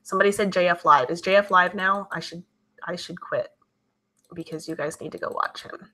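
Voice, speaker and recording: A woman's voice: fairly low pitch, fairly quick, pushed and bright. A woman hosting a live stream, reading viewer comments aloud and answering them in a chatty, conversational way. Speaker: livestream host reading viewer chat. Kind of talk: casual live-stream chat.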